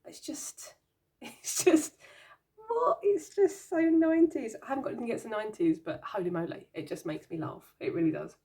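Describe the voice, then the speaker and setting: A woman's voice: on the low side, expressive, fairly quick, vocal fry, mellow. A woman hosting her own channel, chatting casually as she shows things, giggling and sounding amused and baffled. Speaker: tarot channel host. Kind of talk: casual show-and-tell chat.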